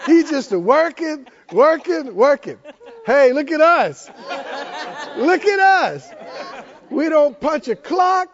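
Guy doing a loud cocky raven mocking folks, squawky high voice, bouncing all over, kinda muffled old recording. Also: sing-song, takes it slowly, pauses often, crowd noise, heavily acted. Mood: jeering. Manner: jeering, laughing, singsong taunts. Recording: dull lo-fi sermon recording.

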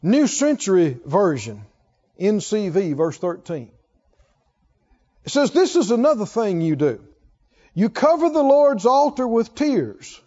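A man preaching a sermon as pastor, slow and emphatic, leading his congregation in call-and-response. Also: sits high, sing-song, dark tone, in a large hall, lo-fi sound. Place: church sanctuary.

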